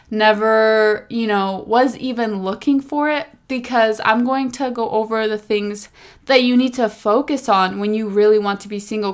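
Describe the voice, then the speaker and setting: A woman's voice: on the high side, a bit bright. A young woman hosting her own podcast, chatting candidly and rambling a little, often repeating words for emphasis. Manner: candid, self-reflective, faith-centered. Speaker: podcast host. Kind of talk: casual solo podcast talk.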